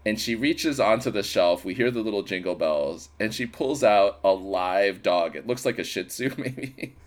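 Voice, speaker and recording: Wry low-voiced man recapping a movie. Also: normal speed. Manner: wry, deadpan build-ups, laughs mid-sentence. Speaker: podcast co-host. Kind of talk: casual movie recap chat.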